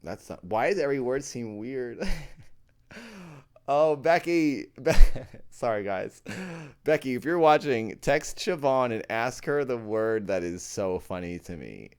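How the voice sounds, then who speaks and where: A man's voice: mid-range voice, lively intonation, unhurried, clean tone. A man reading ghost stories aloud on a live stream and chatting with his viewers, playful, easily amused and poking fun at himself.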